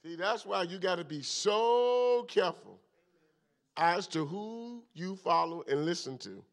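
A high-pitched man preaching at a midweek Bible study. He talks in an animated way, leaping from loud hallelujahs to quiet, low asides. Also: unhurried. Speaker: pastor.

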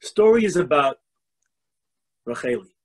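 Rabbi lecturer, animated storyteller, slightly high and husky voice, video call. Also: male voice, a little slow.

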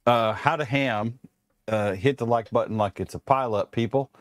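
A man's voice: mid-range voice, normal speed, dry recording, clean studio sound. An older man co-hosting a talk show, joking and teasing while reading out viewer messages. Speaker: co-host. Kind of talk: casual show chat.

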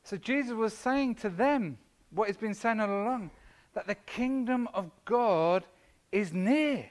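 Male pastor with a high voice, preaching informally and teasing his flock. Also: animated, a little slow. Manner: chatty, self-deprecating, with frequent fillers and asides to the congregation. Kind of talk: conversational sermon. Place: church.

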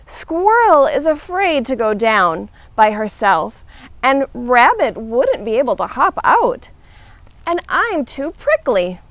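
A woman's voice: high-pitched, sing-song, takes it slowly, no echo, heavily acted. A woman voicing a kind, sensible hedgehog in a children's storybook reading, patient and reassuring. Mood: explaining.

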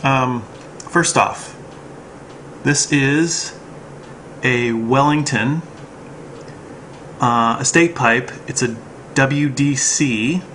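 A man's voice: medium pitch, very slow, long pauses, fairly bright tone, a little hiss or hum. A man talking casually and hesitantly about his pipes, with many ums and uhs. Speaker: pipe smoking vlogger. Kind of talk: casual show and tell.

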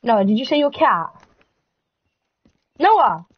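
A high-voiced woman chats over an online game, her pitch leaping around as she teases her friend and laughs. She talks in an unhurried way. The recording is dry and a little dull. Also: expressive, dry recording. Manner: playful, teasing, laughs often. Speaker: gaming vlogger. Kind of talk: casual gaming chat.

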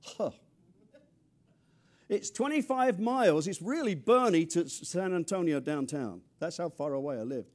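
Animated English preacher, high lively voice. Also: male voice, moderate pace. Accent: English, from near London. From England. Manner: animated preaching with humor, swinging from loud emphasis to low asides. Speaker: pastor. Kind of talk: sermon.

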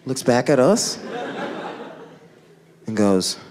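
A man telling a story on stage as a stand-up comedian, animated and full of "like", laughing through his lines. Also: medium pitch, takes it slowly. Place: comedy stage before a live audience. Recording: live audience crowd noise. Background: audience laughter.

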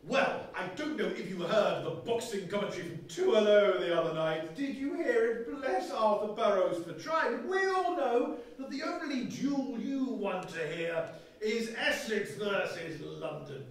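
A man's voice: high-pitched, animated, a little slow. A man playing a cheeky, mocking 1920s radio engineer in a comic one-man stage play, with a teasing, irreverent manner. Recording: echoey hall, far from mic.

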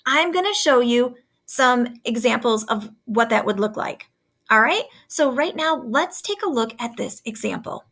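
A woman's voice: on the high side, animated, measured pace, a bit bright. A woman teacher giving a recorded writing lesson, upbeat and instructive as she addresses students.

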